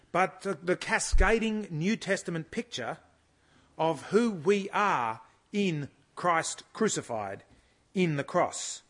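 A man preaches an expository sermon, his voice sitting a little higher than most men's. He reads passages slowly and stops often to explain them. His delivery stays measured, with firm emphasis on key words. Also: fairly bright tone. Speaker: conference speaker teaching the Bible.

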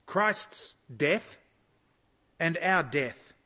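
Slightly high-voiced man preaching an expository sermon. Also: animated, bright, forceful tone. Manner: measured and emphatic, reads scripture slowly and pauses to explain. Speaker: conference speaker teaching the Bible.

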